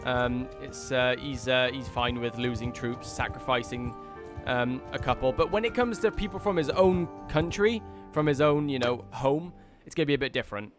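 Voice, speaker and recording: A man talks his way through a game session in easy, casual commentary. He rambles and restarts, and now and then he perks up with excitement. His voice sits mid-range, and soft game music plays quietly behind him. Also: medium pitch, moderate pace. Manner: rambling, filler-heavy, easily excited. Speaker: gaming video host. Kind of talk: casual let's-play commentary.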